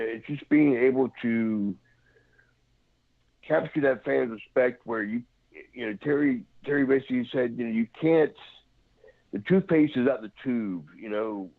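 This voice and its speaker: Heard over a phone line, a former pro wrestler tells rambling stories in a casual interview and imitates the people in them. His voice is mid-range with vocal fry, and there's no echo.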